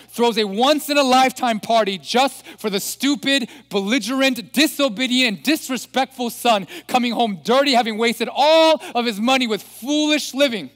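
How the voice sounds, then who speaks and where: High-voiced pastor preaching in echoing hall. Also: male voice. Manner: animated, asks the congregation rhetorical questions. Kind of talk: sermon. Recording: long hall reverb.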